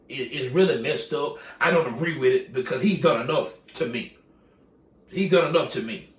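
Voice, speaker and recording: A man's voice: mid-range voice, reverberant, far from the mic. A man giving a casual, heated sports opinion rant, swearing freely and repeating himself for emphasis. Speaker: sports commentator.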